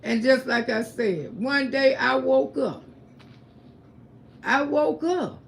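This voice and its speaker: A woman's voice: high-pitched, slow, gravelly, a little hiss or hum. A woman giving an emphatic, repetitive religious testimony on a livestream. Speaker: livestream host.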